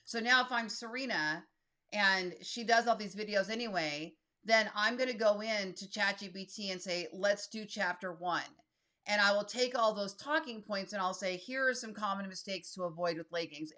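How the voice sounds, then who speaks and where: A woman's voice: mid-range voice, pushed and bright. A woman in her fifties talking casually and directly through a tutorial, reading text aloud as she types. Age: 50s. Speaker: solo creator and YouTube host. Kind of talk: casual screen-share tutorial.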